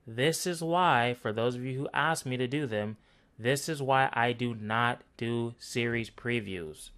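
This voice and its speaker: A man's voice: mid-range voice, sharp tone. A man ranting through a basketball game analysis, blunt, profane and sarcastic. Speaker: basketball commentary vlogger.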